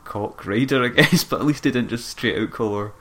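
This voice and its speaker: A man co-hosting a casual chat, making quick wry quips and laughing often. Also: medium pitch, a bit bright, slight background noise. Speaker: podcast co-host.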